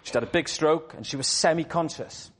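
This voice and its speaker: A man's voice: a little high, brisk. A man preaching a sermon in an earnest way, asking the listeners rhetorical questions and repeating key words.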